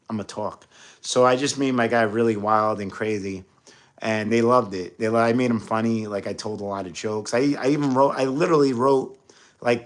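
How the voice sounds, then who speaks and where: A man from New York with a New York accent, telling rambling stories about acting jobs in a casual interview, with lots of fillers and restarts. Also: fairly low pitch. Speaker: entertainer and actor. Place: home studio.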